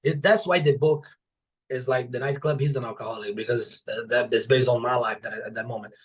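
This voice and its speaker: Animated, cursing man telling work stories. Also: medium pitch, brisk. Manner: animated, profane, acts out quoted dialogue. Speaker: podcast guest, author. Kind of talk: casual storytelling in conversation.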